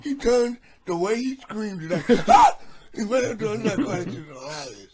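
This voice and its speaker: A man's voice: high voice, expressive, fairly quick, a crowd in the background. A man co-hosting a movie podcast who eagerly jumps in with quoted lines and sound effects. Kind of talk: casual chat.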